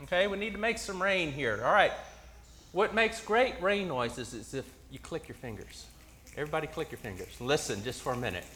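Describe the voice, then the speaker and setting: A man leading an interactive Bible story in church, coaxing his listeners to make sound effects and shouting the quoted lines himself. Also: on the high side, expressive, fairly quick, slight background noise. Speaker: preacher leading a children's message.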